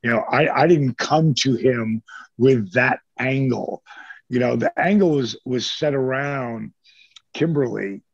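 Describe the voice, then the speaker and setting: Man, 60s, raspy and gravelly, animated storyteller, acts out quotes, dry dull lo-fi audio. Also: mid-range voice, unhurried, no echo. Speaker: interview guest, former pro wrestler. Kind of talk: casual storytelling interview.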